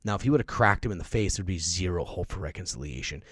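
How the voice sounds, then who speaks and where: A man's voice: low-pitched, lively intonation, quick pace, fairly bright tone, no room sound, clean studio sound. A middle-aged man hosting a podcast, speaking emphatically in a motivational monologue and acting out the voices of people he quotes. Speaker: podcast host.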